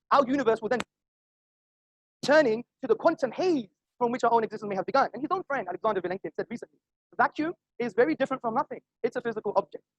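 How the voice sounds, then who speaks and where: A man's voice: very high voice, dry recording, poor audio. A man giving a formal debate speech to an audience in an auditorium, assertive and argumentative, with pointed asides to the crowd. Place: auditorium before a live audience.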